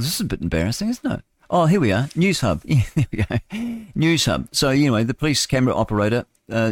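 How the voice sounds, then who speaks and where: A man's voice: mid-range voice, no echo, clean studio sound. A male radio host with a New Zealand accent, reading the news casually with stumbles and chatty asides.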